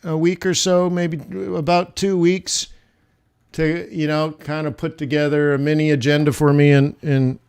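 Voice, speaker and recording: Brief: male livestream host, smooth and slightly high voice, rambling and self-mocking. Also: level tone, moderate pace, a little mellow. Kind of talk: casual livestream chat.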